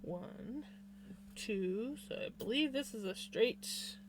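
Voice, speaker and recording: Speaking slowly in a high-leaning voice with lively intonation, this woman crochets while casually talking to her viewers, calling them by name and yawning here and there. The background is noisy; she's at home with a fan going and a desk microphone.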